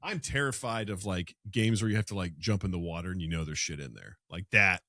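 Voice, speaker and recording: A man co-hosting a podcast, chatting casually and telling animated stories with loud, high impressions of startled people. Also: a little fast, dry recording, studio quality. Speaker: podcast co-host. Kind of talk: casual chat.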